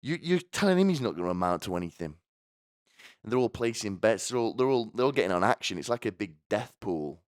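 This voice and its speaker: A man with a low, smooth, resonant voice delivers a sardonic comedic monologue. He rambles and restarts his sentences often. The sound is dry and close to the mic. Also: very animated, fast talker, dry recording. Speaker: podcast host.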